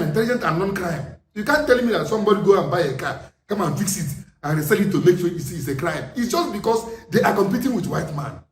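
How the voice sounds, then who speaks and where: A man with a Nigerian accent delivering an impassioned political monologue, forceful and full of rhetorical questions. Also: sits high. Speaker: commentator. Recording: echoey room, distant mic, faint noise.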